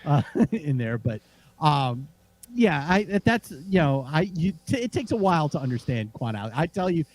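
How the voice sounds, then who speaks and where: A man with a fairly high voice co-hosts a casual sports show. His pitch swings around a lot as he rambles through his stories, often stopping to restart a thought. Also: normal speed. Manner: animated, rambling with restarts and laughs. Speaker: podcast co-host.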